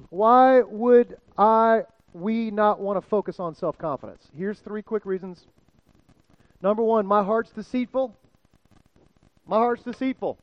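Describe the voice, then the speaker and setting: A man's voice: very high voice, no echo, dull audio. A man preaching a sermon and calling out to his congregation for responses. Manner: energetic, calls out to the congregation. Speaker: pastor.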